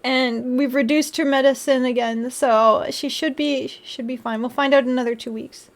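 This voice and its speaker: A woman's voice: high voice, fairly even intonation, normal speed. A woman streamer chatting casually on a live stream, bubbly, often gasping and laughing as she thanks her viewers.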